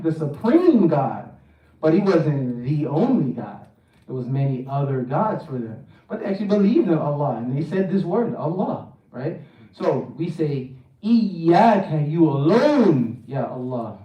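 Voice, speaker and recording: A man's voice: on the high side, highs cut off. Male teacher, mosque hall, recorded from across the room with a roomy echo; drills pronunciation and chants verses. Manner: drills pronunciation, repeating words for the class to echo; chants the verse in a melodic recitation. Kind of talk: Quran recitation workshop. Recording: roomy echo, mic at a distance.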